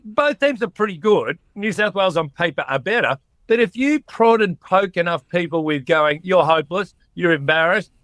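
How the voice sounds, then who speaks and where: A man's voice: high voice, a bit bright, dry recording. A man from Queensland, a regular guest in a casual sports chat, teasing and boisterous.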